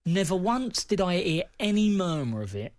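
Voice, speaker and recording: A man, a former footballer telling stories in a relaxed podcast chat, slangy and often laughing. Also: sits high, moderate pace, no echo. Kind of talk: casual podcast storytelling.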